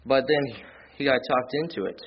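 A man gives an earnest, plain-spoken sermon in church, reading verses and then explaining them in everyday words. His voice sits at an ordinary middle pitch and swells louder on the points he presses. The recording is dull and lo-fi, with faint noise underneath. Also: normal speed. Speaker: lay preacher.

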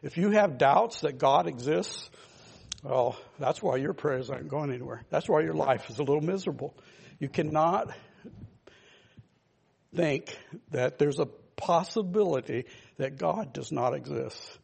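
A man's voice: a little high, measured pace, creaky, a little mellow, slightly rough. An older man giving an informal, rambling sermon, emphatic and full of asides to his listeners. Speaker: pastor.

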